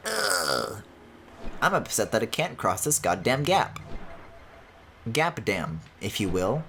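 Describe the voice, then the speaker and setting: Animated, chatty male game streamer. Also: mid-range voice, takes it slowly, gravelly, long pauses, a little hiss or hum. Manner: animated, chatty, swears, laughs often. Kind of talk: casual let's-play commentary.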